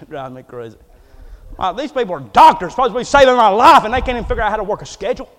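A man preaching a folksy, emphatic storytelling sermon. He swings between loud bursts and hushed asides. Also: sits high, animated, fast talker. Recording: long hall reverb.

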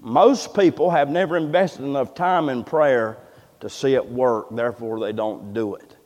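A man preaching a sermon in a church, fervent and emphatic, swinging between loud cries and quiet asides, repeating words as he builds. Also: medium pitch, moderate pace. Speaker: pastor. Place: church sanctuary. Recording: echoey church hall sound.

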